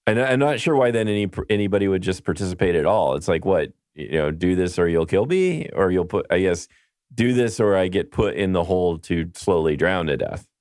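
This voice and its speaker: A man's voice: low voice, lively intonation, fairly quick, darkish tone, no echo, studio quality. A man hosting a casual film discussion podcast, talking hesitantly with many restarts. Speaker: podcast host.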